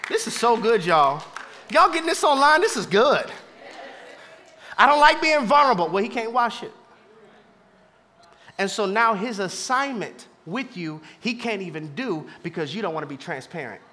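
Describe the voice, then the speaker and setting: A man preaching a sermon to a live church congregation, moving from hushed asides to shouted peaks and laughing along with the crowd. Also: sits high, big pitch swings, normal speed. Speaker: pastor.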